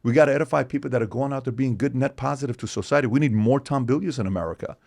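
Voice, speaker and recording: A man from Iran, a podcast guest in casual conversation, talking in an animated, emphatic way. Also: mid-range voice, very fast, gravelly. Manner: animated, emphatic, acts out other people's voices.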